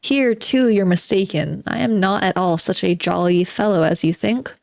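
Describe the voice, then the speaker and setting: A woman with a natural, mid-range, creaky voice reads at a moderate pace in a dry, clean studio recording. She voices a spiteful, bitter forty-year-old male recluse who delivers a sardonic, self-mocking monologue lecturing "gentlemen."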